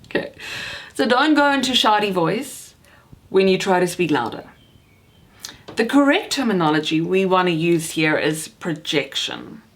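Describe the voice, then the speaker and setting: A woman with a lowish voice gives a vocal coaching lesson straight to camera. She speaks with emphasis and encouragement and stresses her key points. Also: expressive, unhurried. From South Africa. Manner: emphatic, encouraging, demonstrates shouting.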